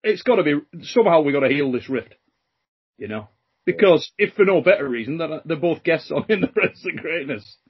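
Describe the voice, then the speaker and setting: A high-pitched, bouncy man hosts a podcast with a husky edge to his voice. He jokes and banters in quick slang over a slightly muffled remote call. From Britain. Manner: lively, joking, slangy. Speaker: podcast host.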